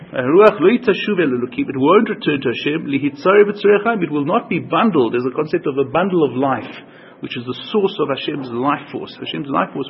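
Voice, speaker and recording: Gravelly man teaching a religious text. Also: a little high, muffled recording, a little hiss or hum. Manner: earnest, repetitive, restating each phrase. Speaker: Torah teacher. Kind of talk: religious text lesson, translating and explaining.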